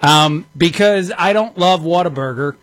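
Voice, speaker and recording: A man's voice: a little high, measured pace, a bit bright, no echo. Male talk radio host, 30s, rambling and self-mocking, bone-dry studio sound. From Texas. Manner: chatty, self-deprecating, many "uh" fillers. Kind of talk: casual talk radio monologue.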